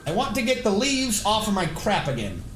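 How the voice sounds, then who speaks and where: A man with a high, lively voice that swings widely in pitch, talking through a game stream in a loose, rambling way. He reacts aloud and answers his chat. The sound is roomy and echoey, with faint music underneath. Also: a little fast, a little hiss or hum. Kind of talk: casual live-stream commentary.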